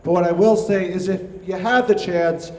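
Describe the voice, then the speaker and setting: A man's voice: high-pitched, fairly even intonation, normal speed, warm tone. A young man from New York telling a wry, conversational story on stage, swearing freely. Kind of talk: live comedic storytelling. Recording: echoey hall recording.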